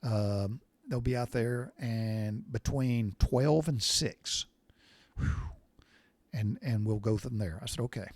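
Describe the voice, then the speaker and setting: A middle-aged man with a drawl, spinning a casual story in a folksy, plain-spoken way. His voice sits at an ordinary pitch and sounds dry and close to the mic. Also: slow, darkish tone, dry recording. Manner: folksy, blunt, mildly exasperated storyteller. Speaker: podcast host.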